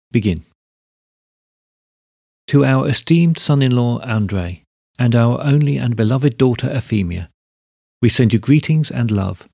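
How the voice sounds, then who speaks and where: A man's voice: mid-range voice, gravelly, mellow, breathy edge, no echo, studio quality, full character voice. A man voicing an anxious, grieving old peasant woman who talks in a cross, suspicious, pleading way, in a storybook reading.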